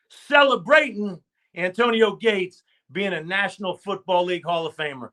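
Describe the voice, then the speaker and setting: Bright, high-voiced emphatic football coach. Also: male voice, animated, normal speed. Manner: emphatic and repetitive, rallying with "okay?" and "I'm gonna tell you what". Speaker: football coach, interview guest. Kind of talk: animated storytelling in a live stream interview.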